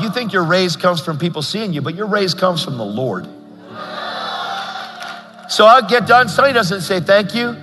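A man's voice: sits high, fairly bright tone. A man preaching a storytelling sermon, fervent and rising to impassioned appeals. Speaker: guest preacher. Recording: long hall reverb.

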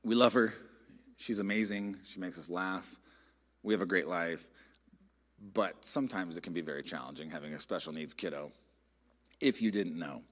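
A middle-aged man, a pastor, preaching a sermon in a conversational, animated storytelling way. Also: deep voice, moderate pace, long pauses. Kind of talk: sermon with personal stories.

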